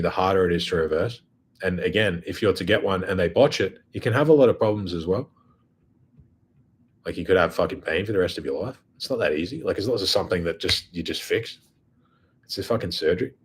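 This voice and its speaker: A man's voice: deep voice, husky. A man hosting his own show, talking in a blunt, profane, casual monologue. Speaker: host.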